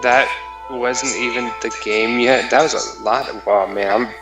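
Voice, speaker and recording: A man's voice: medium pitch, fairly even intonation, a little slow, echoey room, music in the background. A man joining a let's play as side commentator, making joking, wisecracking remarks. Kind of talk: casual gameplay chat.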